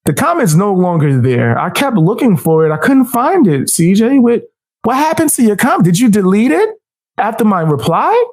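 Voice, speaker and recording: A man's voice: high-pitched, very animated, normal speed, darkish tone. A man giving casual, trash-talking commentary while he reacts to a debate clip on his stream.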